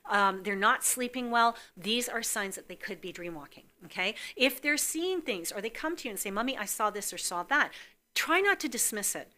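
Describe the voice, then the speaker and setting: Bright-voiced woman hosting a call-in show. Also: a little high. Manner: animated storytelling, acting out dialogue. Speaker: psychic call-in show host. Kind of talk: casual talk to viewers.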